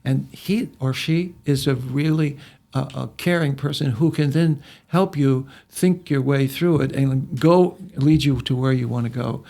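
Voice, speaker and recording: A man's voice: mid-range voice, measured pace, creaky, warm tone. A man co-hosting a podcast, discussing leadership casually and repeating words as he thinks aloud. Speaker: podcast co-host.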